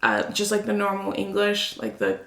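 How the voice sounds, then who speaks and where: A woman from Mexico co-hosting a podcast, an animated storyteller who laughs often. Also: medium pitch, normal speed. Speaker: podcast co-host. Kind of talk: casual chat. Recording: roomy echo.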